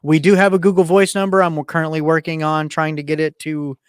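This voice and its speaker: A man's voice: on the high side, flat delivery, brisk, clear, resonant tone, no room sound, clean studio sound. A man co-hosting a casual podcast, laid-back and rambling, often repeating words as he starts a sentence. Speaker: podcast co-host.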